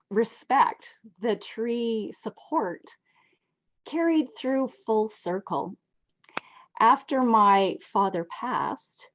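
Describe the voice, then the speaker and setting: Woman in her sixties, heartfelt storyteller, mid-pitched voice, muffled lo-fi sound. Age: 60s. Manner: heartfelt, reflective, lively swings in pitch. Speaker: guest. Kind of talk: personal storytelling. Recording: dull lo-fi recording.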